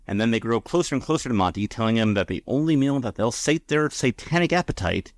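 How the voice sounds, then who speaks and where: A man's voice: mid-range voice, lively intonation, quick pace, no room sound. Male podcast co-host, rambling casual recap, dry close sound. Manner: rambling, filler-heavy.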